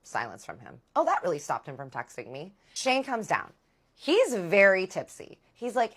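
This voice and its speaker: A woman telling a personal story in casual chat, candid and animated, swearing freely and acting out dialogue. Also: deep voice, a little fast.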